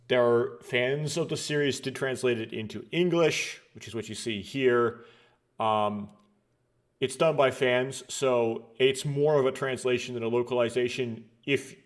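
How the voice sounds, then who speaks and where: A man hosting a Let's Play, talking casually and rambling, with many restarts and dry sarcastic asides. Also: mid-range voice. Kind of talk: casual game commentary.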